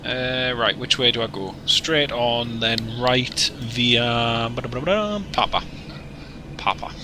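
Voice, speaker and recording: A man's voice: mid-range voice, fairly even intonation, takes it slowly, background noise. A man casually chatting while streaming a flight simulator, joking and greeting viewers by name. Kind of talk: casual livestream commentary.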